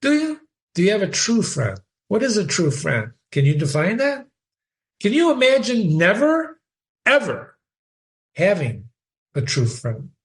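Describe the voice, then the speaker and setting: A man talks through a short story in a relaxed lesson, pausing often and asking his listeners one question after another. His voice sits a little high for a man, and his delivery is unhurried and deliberate. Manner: slow, questioning, animated with rhetorical questions. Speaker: literature teacher. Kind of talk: casual spoken literary analysis.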